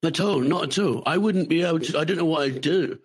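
A man's voice: on the high side, husky. A man co-hosting a podcast in casual chat, telling stories and laughing often. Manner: chatty storyteller, laughs often, quick asides. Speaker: podcast co-host.

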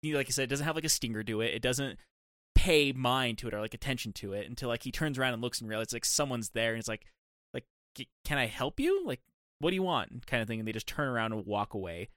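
Young male podcast co-host, rapid casual delivery, dry close sound. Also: mid-range voice, a bit bright, clear, resonant tone, dry recording. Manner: rambling, many "like" fillers. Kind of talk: casual chat.

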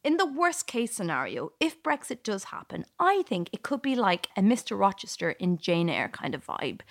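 Wry woman comedian hosting a podcast. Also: a little high. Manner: wry, sardonic delivery with laughs. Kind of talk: scripted podcast monologue.

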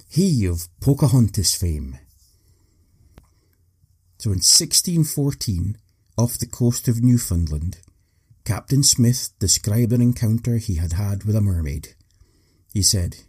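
A man's voice: on the low side, a little mellow, breathy edge. A man hosting a talk, telling history with wry, joking asides. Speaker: host. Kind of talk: humorous storytelling.

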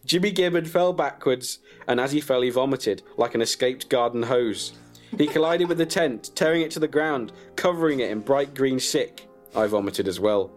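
Deadpan man telling a comic story. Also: medium pitch, normal speed, soft background music. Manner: deadpan, chuckling at his own jokes. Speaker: comedian storyteller.

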